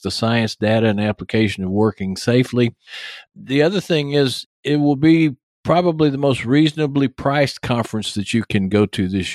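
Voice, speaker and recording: A man's voice: lowish voice, no room sound, clean studio sound. A man with an East Texas accent hosting a podcast interview in a folksy, upbeat, chatty way. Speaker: podcast host.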